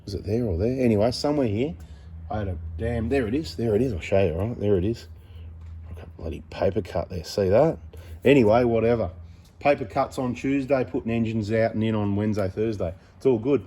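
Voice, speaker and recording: A man's voice: on the low side, brisk, dark tone, husky. A middle-aged man running a parts business, talking casually to camera in a blunt, rambling way. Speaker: mechanic and parts seller. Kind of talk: casual vlog talk to camera.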